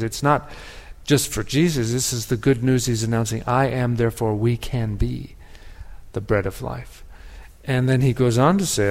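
A man giving a sermon as pastor, speaking in a reflective, measured way with pauses and restarts. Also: medium pitch. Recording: long hall reverb.

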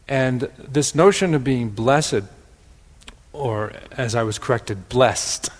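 A man with a Wisconsin accent giving a gentle, pondering spiritual teaching, often repeating words for emphasis. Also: mid-range voice, slow, big-room sound.

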